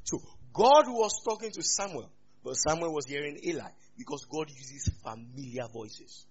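A man with a Nigerian accent preaching a sermon as a pastor, animated, with sudden loud rises. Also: on the high side, moderate pace, breathy edge, dull audio.

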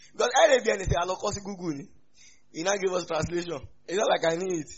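A man's voice: fairly high pitch, breathy edge, muffled recording. A man with a Nigerian accent preaching a humorous sermon, slipping into Yoruba asides. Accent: Nigerian, Yoruba-speaking. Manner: humorous, mixing in Yoruba asides, lively swings in loudness. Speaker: pastor.

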